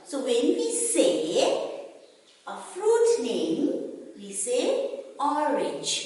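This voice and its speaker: A woman with an Indian English accent teaches young children their letter sounds, spelling words out and asking questions, her pace very slow and deliberate. She is heard from some way off the mic, and the room gives her voice a long, echoing ring. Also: high-pitched, wildly swooping pitch. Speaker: kindergarten teacher. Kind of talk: recorded phonics lesson for young children. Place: classroom or school room. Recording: echoey room, voice from a distance.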